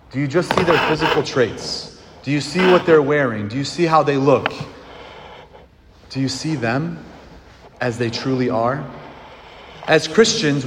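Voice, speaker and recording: Man preaching in a reverberant church. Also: mid-range voice. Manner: earnest, asks the congregation questions and leads a response. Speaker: priest. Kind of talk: sermon. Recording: long hall reverb with clear background noise.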